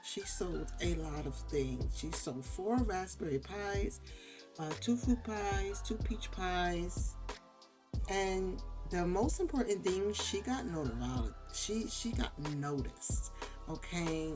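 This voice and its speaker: A woman's voice: on the low side, lively intonation, takes it slowly. A woman hosting a game video, narrating the action to viewers in a gushy, dramatic, casual way, with game music behind. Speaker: let's play host.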